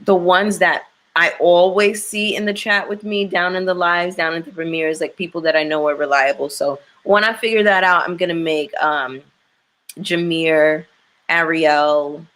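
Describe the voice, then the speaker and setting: A woman hosting a casual livestream, talking candidly to her viewers in a tired, emotional way and slipping into slang. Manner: gets loud and high-pitched when ranting. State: exhausted and emotional. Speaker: YouTube livestream host.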